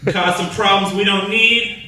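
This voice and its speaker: A man from Pakistan doing a stand-up set in a live comedy club, mixing deadpan jokes with excited bursts. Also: high voice, a little slow, slight background noise. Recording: echoey club from far off.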